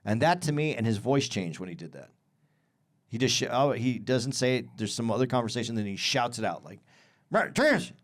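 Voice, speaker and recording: A man co-hosting a podcast in casual chat, animated, often acting out what others said. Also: medium pitch, fairly quick. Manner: animated, acts out quotes in a raised voice. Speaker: podcast co-host.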